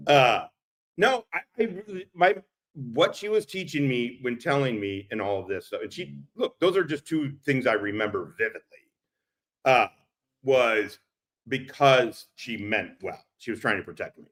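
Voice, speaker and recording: A slightly bright, mid-range male voice belongs to a streamer reacting to clips. His live-stream stories wander and swear freely, punctuated by laughter, and the audio comes from a built-in laptop mic in a laid-back storytelling style.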